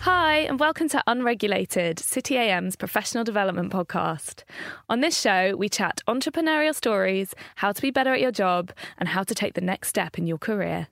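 A woman's voice: mid-range voice, animated, a little fast, vocal fry, a bit bright, no echo, clean studio sound. A woman hosting a podcast in a chatty, upbeat manner. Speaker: podcast host.

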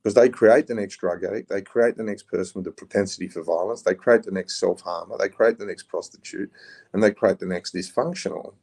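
A man's voice: sits low, fairly quick, gravelly, darkish tone, husky. A middle-aged Australian man speaking bluntly and casually as a podcast guest, now and then swearing. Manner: blunt, plain-spoken, swears, says "mate". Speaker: podcast guest, former prisoner. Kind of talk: casual interview talk.

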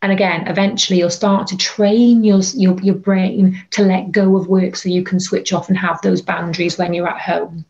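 A woman, a wellbeing and burnout coach, giving chatty, animated advice in an interview from her bedroom, with lots of fillers. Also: lowish voice, moderate pace, vocal fry, hardly any pauses. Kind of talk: interview conversation. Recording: slightly dull lo-fi audio.

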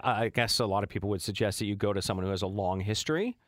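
A man's voice: fairly low pitch, fairly even intonation, fast talker, no room sound. A man co-hosting a morning radio show, reading news and joking with his co-host in a studio. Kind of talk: radio news read and banter. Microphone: studio mic.

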